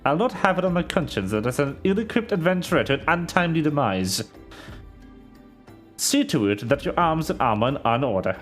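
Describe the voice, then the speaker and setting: A man voicing a stern veteran sellsword captain, reading game dialogue aloud in a lowered, measured tone. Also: very animated, fairly bright tone, faint music behind. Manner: low, grave, measured.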